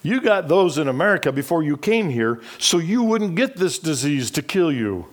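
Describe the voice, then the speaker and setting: A man quoting a calm, gentle father. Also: on the high side, moderate pace. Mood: reassuring. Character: gentle reassuring missionary father.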